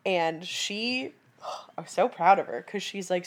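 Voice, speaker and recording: Woman, chatty co-host with a slightly low voice, retells scenes with playful acted-out lines. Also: slow pace. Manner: animated, heavy use of "like", acts out quotes. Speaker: podcast co-host. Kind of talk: casual chat recapping a film.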